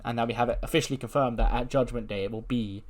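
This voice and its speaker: A man hosting a game series, chatty and animated as he tells the story. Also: mid-range voice, quick pace. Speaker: game host. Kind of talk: let's play commentary, storytelling.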